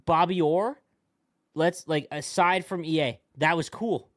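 A young man hosting a casual gaming podcast, chatty and quick to react. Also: a little high, steady tone, fairly bright tone, no echo, clean studio sound. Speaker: podcast host. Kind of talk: casual chat.

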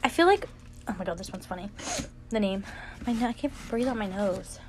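A woman's voice: medium pitch, animated, brisk. A young woman co-hosting a casual podcast, reading trivia and joking in a blunt, giggly way. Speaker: podcast co-host. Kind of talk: casual chat.

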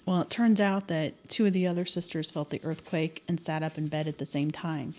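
A woman from the American Midwest talks as a podcast guest. Her voice sits slightly low. She tells personal stories thoughtfully, pausing often and filling the gaps with hesitations. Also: steady tone, a little mellow. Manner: thoughtful, hesitant with many fillers. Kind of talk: casual storytelling interview.

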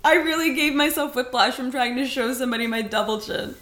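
A young woman from California co-hosting a podcast in casual chat, animated, swearing and laughing often. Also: high voice, brisk. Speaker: podcast co-host. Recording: echoey room.

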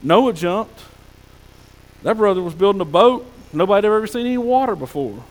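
High-voiced pastor preaching. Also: male voice, expressive, brisk, long reverb tail, poor audio. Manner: folksy preaching, drops to soft hushed tones for God's whispers. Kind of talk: sermon. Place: church sanctuary.

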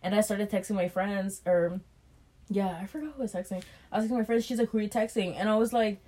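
Profane, animated woman retelling a date. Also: mid-range voice, quick pace. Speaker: podcast co-host. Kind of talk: casual storytelling chat.

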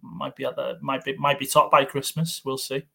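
A man co-hosting a fantasy football podcast, relaxed and self-mocking. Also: medium pitch, normal speed, gravelly, a little hiss or hum. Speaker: podcast co-host. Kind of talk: casual fantasy football chat.

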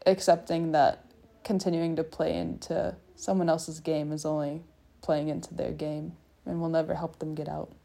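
Low, gravelly young woman musing aloud. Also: flat delivery, moderate pace, few pauses, warm tone. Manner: musing, self-mocking, talks in loose circles. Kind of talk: rambling personal monologue. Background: people faintly heard in the hallway.

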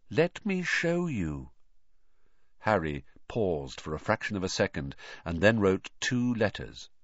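A man narrating a storybook in an expressive reading style. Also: medium pitch, dry recording. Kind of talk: audiobook narration. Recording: dull, dry recording.

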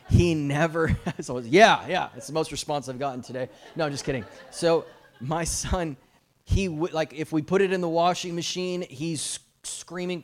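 A young adult man preaching a guest sermon at a church service, telling stories with light jokes. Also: fairly high pitch. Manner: animated storytelling with jokes.

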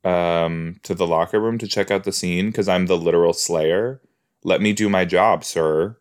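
A man's voice: low voice, fairly even intonation, normal speed. A man hosting a podcast, giving casual solo reactions while he watches a TV episode. He chats, laughs at his own jokes and tosses out rhetorical asides.

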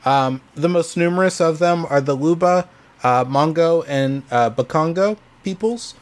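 A man's voice: fairly high pitch, measured pace. A man on a casual podcast presenting facts, hesitant with many ums and restarts. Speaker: podcast host presenting research.

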